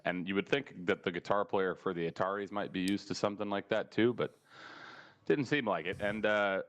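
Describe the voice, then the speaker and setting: Guy with a lowish voice telling a story on a podcast, laughing a lot, doing little voices for people. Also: fairly quick. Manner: laughs often while telling stories; animated, mimics people he quotes. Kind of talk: casual chat.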